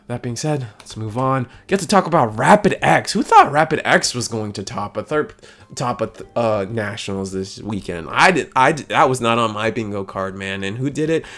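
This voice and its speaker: A man casually commenting on tournament deck lists, rambling and excitable, with frequent restarts and tags like "man". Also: mid-range voice, moderate pace. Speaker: card game content creator.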